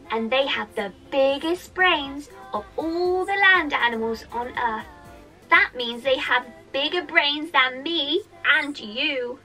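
A woman's voice: sits high, bright, forceful tone. Cheerful British woman teaching small children. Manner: cheerful, sing-song, talks directly to children. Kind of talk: interactive kids' music session.

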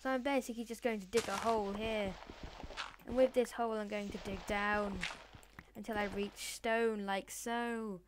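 A woman's voice: medium pitch, steady tone. A woman hosting a let's play, chattering randomly and sillily in a put-on voice. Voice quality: deliberately put-on voice. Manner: silly, rambling, random chatter to in-game pets. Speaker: gaming channel host. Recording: noisy recording with clicks.

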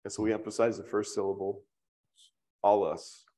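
A man teaching a Greek language class in a church classroom, slow and patient, thinking aloud with fillers as he explains. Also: medium pitch, darkish tone.

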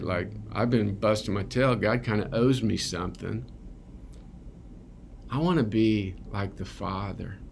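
Slow, gravelly man preaching earnestly. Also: medium pitch, slight background noise. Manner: earnest, keeps asking "right?". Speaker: recovery ministry speaker. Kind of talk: conversational sermon.

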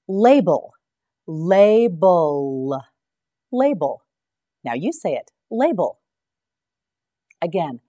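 A woman leads a beginner vocabulary lesson at a very unhurried pace. Her voice sits a little low, and she says each word several times with patient drills. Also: a little mellow. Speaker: English teacher. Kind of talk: slow scripted vocabulary lesson.

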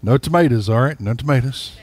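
Folksy pastor preaching. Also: male voice, mid-range voice, fast talker, darkish tone, dry recording. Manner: folksy, emphatic, addresses the congregation directly. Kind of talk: sermon.

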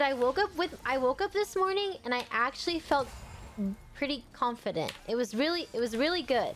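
A woman's voice: sits high, a little hiss or hum. Chatty young woman streaming games. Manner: chatty, excitable, quick to exclaim. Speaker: game streamer. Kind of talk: casual gaming commentary. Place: home streaming setup.

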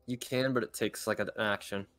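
A man running a tabletop game as game master, guiding the players calmly. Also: fairly low pitch, normal speed, no echo.

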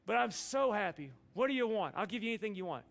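A man acting out an indulgent, doting ancient king in a relaxed, chummy voice while telling a sermon story. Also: high-pitched, fast talker, vocal fry, exaggerated voice. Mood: pleased.

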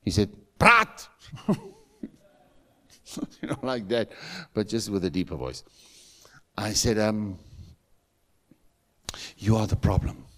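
A man's voice: fairly low pitch, unhurried, pauses often, a little mellow. A middle-aged man with a South African accent, preaching a sermon in a church and telling stories with emphatic, rising calls. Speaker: pastor.

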